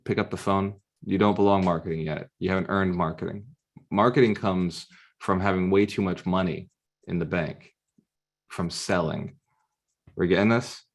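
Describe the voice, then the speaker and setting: Low-ish voiced guy mentoring on a video call, punchy motivational talk, keeps asking the crowd questions. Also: steady tone, normal speed. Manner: punchy, rhetorical questions to the audience. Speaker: real estate mentor.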